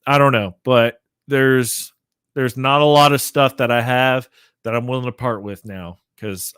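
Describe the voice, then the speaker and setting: A man talking casually to viewers on a live stream, rambling and full of fillers, and sleepy. His voice is smooth and resonant, mid-pitched, and sounds dry and close. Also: fairly even intonation, unhurried, a bit bright, no echo. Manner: rambling, filler-heavy, laid-back. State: sleepy, yawning. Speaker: comic book vlogger.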